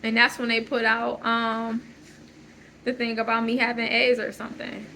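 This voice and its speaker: A woman's voice: a little high, monotone, normal speed, vocal fry, bright, forceful tone, a little hiss or hum, rough recording. A woman talking through a loose, searching personal monologue, full of fillers and restarts. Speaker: channel host.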